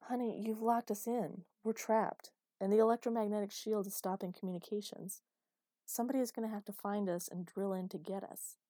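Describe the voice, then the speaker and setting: A woman's voice: mid-range voice, fairly even intonation, brisk, dark tone, dry recording, clean studio sound, lightly acted. Woman reading as a wry, teasing tired man. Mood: urgent. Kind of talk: audiobook character voice.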